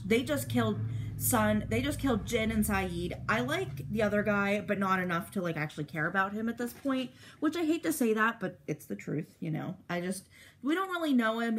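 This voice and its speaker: A young woman vlogger chatting casually while doing her makeup, rambling with lots of fillers and getting animated when excited. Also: medium pitch, a little hiss or hum. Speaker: beauty vlogger.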